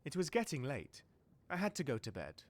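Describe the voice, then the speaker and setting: A wistful ship passenger. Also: male voice, medium pitch, brisk. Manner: calm, wistful storytelling. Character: reflective male ship passenger narrating a journal. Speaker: narrator. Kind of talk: scripted game narration.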